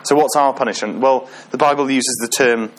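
A man's voice: medium pitch, steady tone, a little fast. A man giving an informal sermon, often asking the congregation questions and joking with them. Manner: chatty, asks the audience questions, self-deprecating humor. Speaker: preacher.

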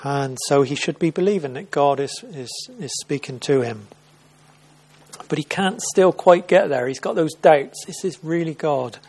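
This preacher's voice sits fairly high, moves a little slowly, and has a darkish tone. At a church service he gives an informal sermon, recounting a Bible story in a chatty way while frequently restarting and repeating himself.

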